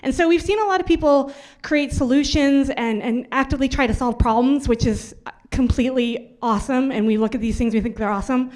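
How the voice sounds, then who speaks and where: High-voiced chatty woman presenting. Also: fairly even intonation, brisk, darkish tone. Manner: chatty, playful, self-mocking. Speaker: hackathon team presenter. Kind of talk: casual demo presentation.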